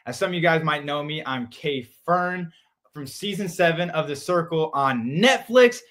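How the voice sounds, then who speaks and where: A young man from San Diego, a guest in a casual interview, telling stories with lively acted-out quotes. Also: normal speed. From San Diego, California. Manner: animated, acts out quotes with big jumps in pitch and volume. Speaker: interview guest, reality show contestant.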